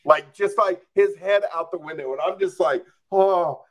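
A man spins a long story for a podcast host, bouncing into his own reactions as he goes. His voice sits a little higher than most men's. He talks loosely and casually, leaning on "like" and "I'm just like.". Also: moderate pace. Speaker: podcast guest.

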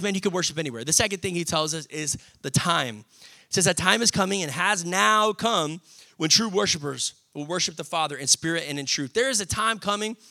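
A young man preaching a sermon, energetic and conversational, often calling out to the congregation. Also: high voice, dry recording. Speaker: pastor.

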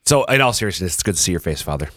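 A middle-aged man co-hosting a podcast in casual chat, playful, laughing often and pausing on fillers. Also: deep voice, expressive, a bit bright, dry recording, clean studio sound. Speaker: podcast co-host.

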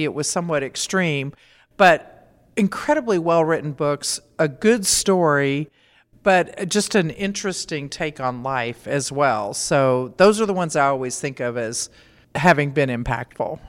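A woman's voice: sits low, lively intonation, moderate pace. Plainspoken middle-aged woman, reverberant. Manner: plainspoken, practical, matter-of-fact. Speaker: veterinarian guest. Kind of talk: conversational interview answers. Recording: long reverb.

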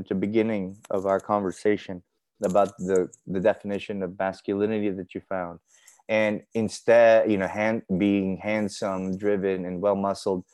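A man co-hosting a casual conversation, talking in an animated, playful and emphatic way. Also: fairly low pitch, no echo. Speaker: podcast co-host.

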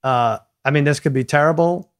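A man hosting a casual podcast chat, telling stories in a jokey, animated way. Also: a little high, a little fast, smooth. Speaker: podcast host.

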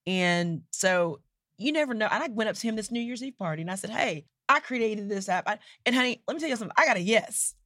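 A woman who founded a startup, giving emphatic motivational talk in a casual chat, slowing down for her punchlines. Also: medium pitch, lively intonation, fairly bright tone, no echo, clean studio sound. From Texas. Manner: emphatic, preachy, slows down for punchlines.

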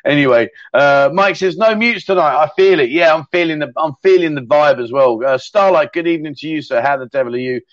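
A man's voice: a little high, fairly quick, few pauses, no echo. A middle-aged man hosting a casual livestream, chatty and rambling as he reads out viewer comments and laughs easily. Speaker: livestream host. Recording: dull, dry sound.

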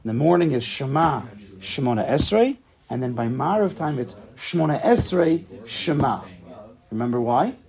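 A man's voice: a little high, lively intonation, normal speed, vocal fry, a little mellow. A man leading a casual Talmud study class, thinking aloud and checking in with his students. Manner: thinks aloud, asks the class questions, laughs at himself.

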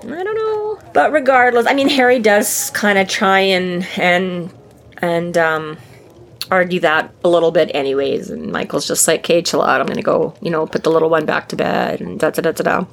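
A woman's voice: on the low side, normal speed, gravelly, slight background noise. Swearing, rambling woman podcast host. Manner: swears freely and acts out characters' lines; rambling, with many fillers and restarts. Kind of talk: casual book discussion chat.

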